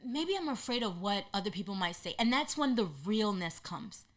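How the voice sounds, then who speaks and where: A woman hosting a podcast, telling a personal story in an animated way and acting out what people said. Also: medium pitch, normal speed. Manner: animated, acts out quotes in lively voices. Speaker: podcast host.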